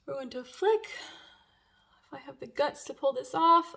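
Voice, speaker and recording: Young adult woman, waxing pro, casual how-to, chatty with nervous laughs, slightly high pitch. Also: lively intonation, normal speed, vocal fry, pushed and bright. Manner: drops to a whisper while waxing herself. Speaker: waxing professional. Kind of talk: casual tutorial.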